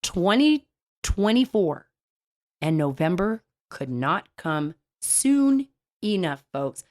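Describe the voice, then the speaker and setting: A woman hosting a casual talk show, chatty and animated, telling stories with big swings in her voice. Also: lowish voice, slow pace.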